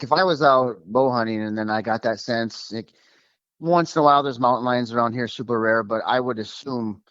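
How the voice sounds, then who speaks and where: A man from Minnesota telling a story as a guest, animated and quick, with many fillers. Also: medium pitch, no room sound, lo-fi sound. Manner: animated, fast, lots of fillers like "like" and "um". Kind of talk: casual storytelling over a call.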